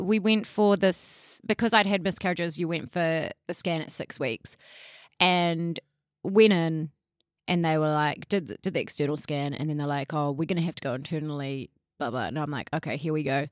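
A woman with a low, deep-set voice speaks frankly as an interview guest, telling her own story with raw emotion and the odd curse. The recording is close and dry, with no room sound around her. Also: dry recording. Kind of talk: candid interview conversation.

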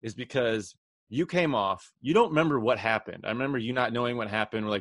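A man's voice: medium pitch, fast talker, no room sound, clean studio sound. A man hosting a casual podcast chat, telling stories and acting out quotes with energy. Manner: animated storyteller, acts out quotes. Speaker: podcast host.

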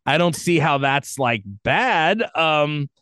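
Animated man co-hosting a podcast. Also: a little high, slow, clean tone, dry recording, studio quality. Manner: animated, playful, slips into loud hammy bits. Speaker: podcast co-host. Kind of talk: casual chat.

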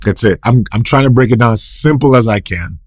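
A man's voice: expressive, fairly quick, husky, no room sound, studio quality. A man preaching a sermon, asking and answering his own questions and rising sharply for emphasis. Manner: asks and answers his own questions, repeats scripture quotes; rises sharply in pitch and volume for emphasis. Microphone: recorded for a podcast.

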